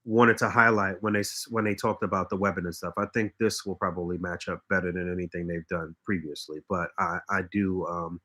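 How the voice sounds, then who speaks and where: A man's voice: low voice, steady tone, brisk, few pauses, bright, forceful tone. A man co-hosting a casual live-stream podcast, speaking in an emphatic, slangy way. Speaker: podcast co-host.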